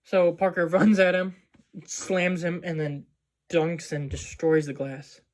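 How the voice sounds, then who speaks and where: Male movie vlogger, slightly higher voice, rambling casual recap full of fillers. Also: steady tone, slow pace.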